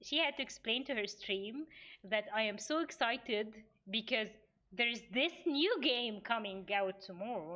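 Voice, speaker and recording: A woman's voice: a little high, lively intonation, unhurried, sharp tone, lo-fi sound. A woman streaming a game, chatting playfully and talking to herself as she plays. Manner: playful, mock-outraged, talks to herself while playing. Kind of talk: casual gaming stream chat.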